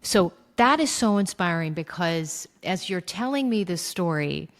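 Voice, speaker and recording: A woman's voice: lowish voice, lively intonation, unhurried. A woman co-hosting a podcast, affirming and responding to a story in casual chat. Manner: affirming listener, warm agreement. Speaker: podcast co-host.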